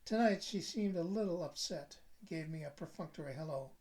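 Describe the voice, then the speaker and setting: Man, author reading his novel, measured, reflective narration. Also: on the high side, darkish tone. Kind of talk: book reading.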